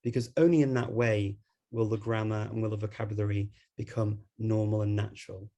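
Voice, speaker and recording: A man's voice: on the low side, steady tone, fairly quick, mellow. A man with a Scouse Liverpool accent, giving an online talk in a chatty way and laughing between points. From Liverpool, England. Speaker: guest speaker on language learning.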